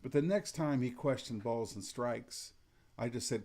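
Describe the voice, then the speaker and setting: Middle-aged guy coaching umpires, calm and matter-of-fact, mellow low-key voice. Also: unhurried. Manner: calm, matter-of-fact, demonstrates lines in a flat even tone. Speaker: umpire instructor. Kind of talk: instructional talk to umpires.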